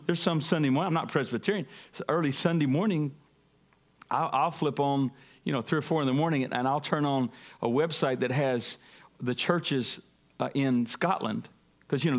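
A pastor preaching a sermon, calling on the congregation to repeat after him and building to emphatic peaks. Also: male voice, on the high side. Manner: call-and-response preaching, rising to emphatic peaks.

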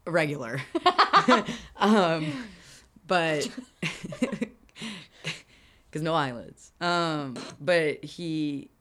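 A woman's voice: low voice, expressive, very slow, pauses often, fairly bright tone. A young woman co-hosting a casual chat about a movie, laughing often, swearing, and acting out scenes. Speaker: podcast co-host.

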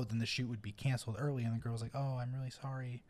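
Speaking fast at a medium pitch, a young podcast co-host animatedly retells a story during casual chat. The telling is loose and rambling, full of fillers.

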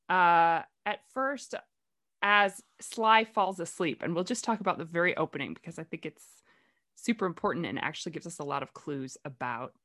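A woman's voice: mid-range voice, a bit bright. A woman hosting a play-reading group, chatty and rambling with lots of fillers. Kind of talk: casual talk.

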